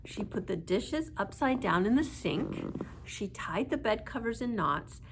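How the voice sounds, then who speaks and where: A woman librarian reading a children's story aloud with playful, expressive sound words. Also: mid-range voice, slight background noise.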